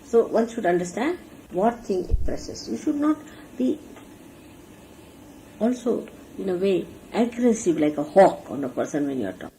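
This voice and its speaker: A spiritual teacher, a woman with a mid-range, expressive voice and a dark tone, delivers an earnest sermon to her followers at a normal pace, teaching them how to behave and acting out each point with gestures. The archival talk recording is rough, with a faint hiss.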